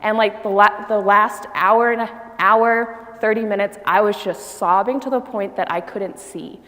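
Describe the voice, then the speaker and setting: A woman's voice: medium pitch, fairly even intonation, measured pace, a bit bright. A young woman giving a heartfelt personal faith testimony as a retreat speaker, telling her story with many fillers. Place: church hall. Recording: long hall reverb.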